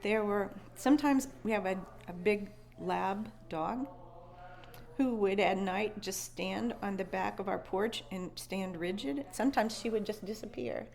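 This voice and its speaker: A woman's voice: mid-range voice, unhurried, gravelly, a little mellow, a little hiss or hum. A woman at a conference telling an eerie first-person story with emotion, repeating and restarting words and acting out her own thoughts. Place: conference venue.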